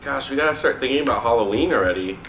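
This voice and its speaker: A man's voice: medium pitch, expressive, racing, fairly bright tone. A man co-hosting a mukbang at home, chatting casually and giggling while he eats, rambling with lots of "like". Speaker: co-host of a home mukbang channel. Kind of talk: casual chat while eating. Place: at home, at the dinner table. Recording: echoey room with background noise.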